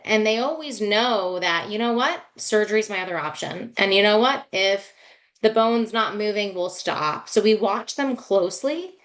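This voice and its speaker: A woman dentist giving a heartfelt webinar talk over a video call, running her sentences on with restarts and getting emotional. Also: on the high side. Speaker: dentist and guest speaker.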